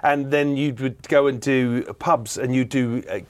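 A man's voice: mid-range voice, steady tone, measured pace, a little mellow, clean tone. A male comedian chatting casually in a TV studio, rambling and restarting his sentences. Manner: rambling, restarts, bursts of quoted voices. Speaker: comedian, team captain. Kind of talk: casual chat.

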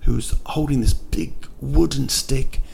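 Gravelly New man rambling comically. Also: mid-range voice, measured pace, darkish tone, a little hiss or hum. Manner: rambling and jokey, with many restarts and fillers. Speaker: podcast host and comedian. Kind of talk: casual comic monologue. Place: indoors at night in a city.

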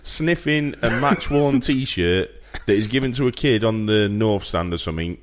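A young man with a Sheffield accent chats loosely on a podcast, laughing often and circling back over his own words. His voice sits a little low. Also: animated, moderate pace. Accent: Sheffield English. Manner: chatty, laughs often, repeats himself. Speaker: podcast co-host. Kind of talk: casual chat.

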